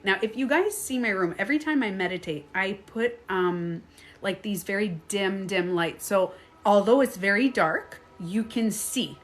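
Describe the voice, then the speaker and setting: A woman's voice: mid-range voice, moderate pace. A middle-aged woman hosting a live stream, telling a story casually, laughing often and acting out her own reactions.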